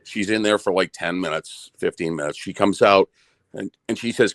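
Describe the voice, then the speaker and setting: A man's voice: sits low, moderate pace, dry recording. A man with a Boston accent telling a story on a podcast, swearing often, stammering and repeating words as he goes. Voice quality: profane, stammering, animated retelling.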